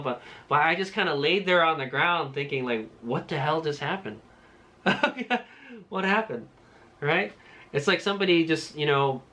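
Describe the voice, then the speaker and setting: Man, fairly high bright voice, rambling race-recap vlogger who keeps asking "all right?". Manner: rambling, many fillers and tag questions. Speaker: motorcycle racer vlogger. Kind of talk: casual after-race recap to camera.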